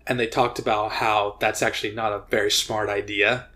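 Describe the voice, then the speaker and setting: A man's voice: lowish voice, little pitch movement, moderate pace, bright, forceful tone. Rambling casual podcast guy. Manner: rambling storyteller, many fillers and restarts. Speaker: podcast co-host. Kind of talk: casual chat.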